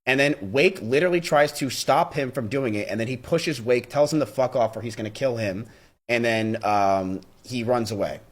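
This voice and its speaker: A young man talks to his stream in a casual, blunt way and swears often. His voice sits at an ordinary middle pitch. He tells the story in a heated, rapid flow and acts out the quoted lines. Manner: blunt, profane, heated retelling with quoted dialogue.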